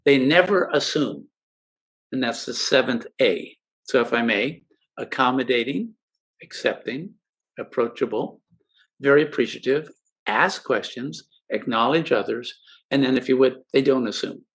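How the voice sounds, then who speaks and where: A man's voice: mid-range voice, expressive, a little slow, fairly bright tone. An older man giving a friendly instructional talk to teachers, who now and then acts out students' replies. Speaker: educational presenter.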